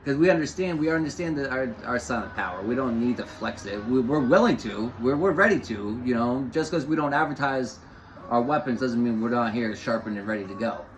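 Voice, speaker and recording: A man's voice: medium pitch, animated, fairly quick, a little hiss or hum, poor audio. Rambling man giving a spiritual talk. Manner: rambling, repeats phrases, many fillers. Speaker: spiritual host.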